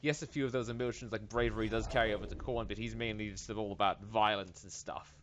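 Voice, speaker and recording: A man's voice: on the low side, steady tone, fast, crowd noise. A man giving casual, rambling commentary over his strategy game playthrough, often trailing off and correcting himself. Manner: rambling, self-interrupting, chuckling asides. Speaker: let's play host.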